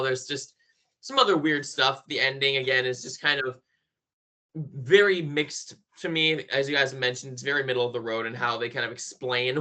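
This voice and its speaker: A man giving a casual podcast review in a relaxed, easygoing way, using "like" often. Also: medium pitch. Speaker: podcast co-host.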